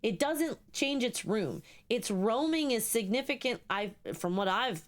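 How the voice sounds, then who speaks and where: A young woman streaming a ghost-hunting game live, talking to her chat in an excitable, swearing, chatty way. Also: a little high, measured pace. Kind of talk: live gameplay commentary.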